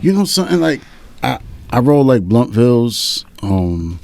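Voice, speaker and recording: A man's voice: medium pitch, sing-song, unhurried, gravelly, a little mellow. A man in his forties hosting a podcast, talking in a laid-back, rambling way and often checking in with his listeners. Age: 40s. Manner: laid-back, rambling, keeps saying "you know what I'm saying". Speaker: podcast host. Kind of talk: casual chat.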